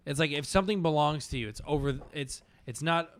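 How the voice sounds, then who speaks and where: A man's voice: fairly high pitch, fairly quick. A man hosting a podcast, teasing his partner with crude jokes and frequent laughter. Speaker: podcast host. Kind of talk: casual comedy banter.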